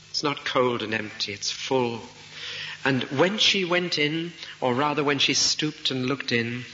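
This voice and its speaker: A male preacher with a pushed, bright, medium-pitched voice retells a story vividly in his sermon and poses rhetorical questions. The recording is dull, made in a reverberant hall with faint noise.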